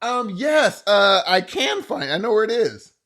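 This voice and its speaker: An American man co-hosts a podcast in loose, easygoing chat. His pitch moves around a lot and sits a bit high, and he trades dry one-liners with his partner. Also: sing-song, unhurried, creaky, a bit bright. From United States. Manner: playful, dry quips, reads listener mail aloud. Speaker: podcast co-host.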